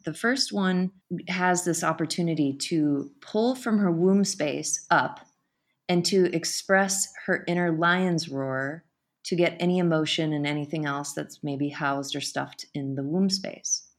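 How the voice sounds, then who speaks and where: A woman guest on an interview podcast, telling a personal story in an emotional, animated way. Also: low voice, unhurried.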